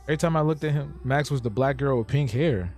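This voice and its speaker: A man's voice: medium pitch, fast talker, a little mellow, faint music behind. A man streaming live while he draws cartoons, joking and reacting to his chat as he thinks aloud.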